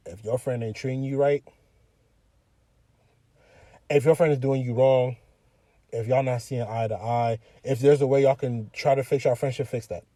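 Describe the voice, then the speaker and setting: A man's voice: mid-range voice, fairly even intonation, normal speed, long pauses, dark tone, no room sound. A young man co-hosting a podcast, talking casually and bluntly from inside a car, repeating his points. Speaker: podcast co-host. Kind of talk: casual chat.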